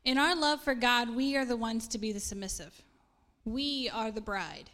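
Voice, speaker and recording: A woman's voice: on the high side, normal speed, fairly bright tone. A middle-aged woman pastor, preaching a casual sermon in an earnest, chatty way and laughing at herself now and then.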